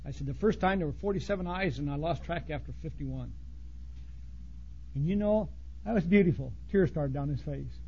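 A man preaching a blunt, folksy sermon to ministers, swinging from loud outbursts to hushed asides. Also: on the high side, expressive, a little fast, muffled recording, slight background noise. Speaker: pastor.

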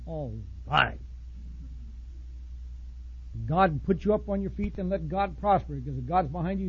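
A man preaching with a high, husky voice, blunt and folksy. He jumps from loud outbursts to quiet asides. The recording sounds dull and lo-fi. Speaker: pastor. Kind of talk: sermon.

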